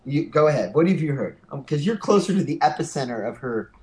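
A man's voice: fairly high pitch, expressive, fast talker, a little mellow. A man co-hosting a comedy news podcast, joking irreverently and laughing often. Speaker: podcast co-host. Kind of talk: casual comedic chat.

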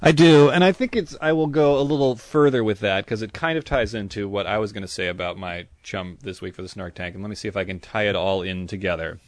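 A man's voice: fairly low pitch, quick pace, hardly any pauses, no echo. A man co-hosting a podcast, ranting sarcastically in casual chat, his voice jumping up when he gets worked up. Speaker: podcast co-host.

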